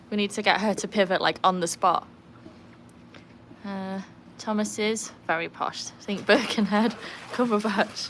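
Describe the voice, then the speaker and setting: A woman chatting casually on a livestream from beside a backyard pool, breaking into a high sing-song voice to praise her dog. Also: moderate pace, background noise. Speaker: livestream host and dog owner. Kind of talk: casual live chat. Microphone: phone.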